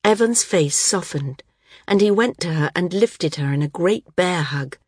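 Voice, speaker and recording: A woman narrating an audiobook in a measured storytelling manner. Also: lowish voice, lively intonation, a little mellow, husky, dry recording, clean studio sound. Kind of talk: scripted narration.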